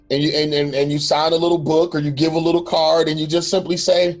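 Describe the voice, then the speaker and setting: Co-host, male, earnest and reflective, a bit higher-pitched, faint music underneath. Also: level tone, quick pace, few pauses. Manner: earnest and reflective, quotes imagined speech, restarts often. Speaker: podcast co-host. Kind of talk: casual faith-based conversation.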